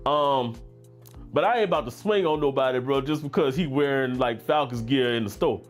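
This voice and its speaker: A middle-aged man with a Louisiana drawl, relaxed and talkative, hosting a fragrance livestream at a medium pitch. His voice comes with faint music playing underneath. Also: normal speed. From Baton Rouge, Louisiana. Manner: laid-back, chatty, reads chat comments aloud with frequent laughs. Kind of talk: casual livestream chat.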